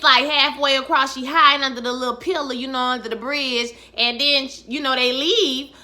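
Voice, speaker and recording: Brief: woman vlogger, bright, forward voice, chatty and salty recap talk. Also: high-pitched. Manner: chatty, animated, profane, addresses viewers as honey and child. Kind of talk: casual spoken recap.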